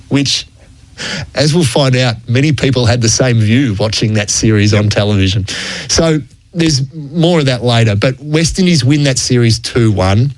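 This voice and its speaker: A middle-aged Australian man telling cricket history stories on sports radio, relaxed and chatty, often chuckling as he goes. His mid-pitched voice is close and dry on a studio mic, with no room sound at all. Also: measured pace, no room sound, poor audio. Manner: chatty, chuckles through the anecdotes. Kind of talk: anecdotal storytelling on sports radio.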